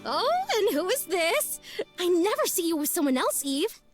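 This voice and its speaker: A woman's voice: very high-pitched, very animated, normal speed, over music. A woman voicing a nosy, teasing volunteer in a visual novel, with a sing-songy, playfully prying manner.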